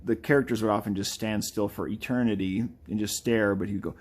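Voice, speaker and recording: A man's voice: lowish voice, fairly even intonation, fairly quick. A man chatting casually and animatedly while drawing, often slipping into playful impressions of game characters. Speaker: artist streaming a live drawing session.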